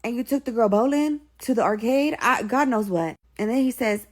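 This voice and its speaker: A woman telling a story in a casual get-ready-with-me storytime, animated and slangy, swearing freely. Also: mid-range voice, a little fast.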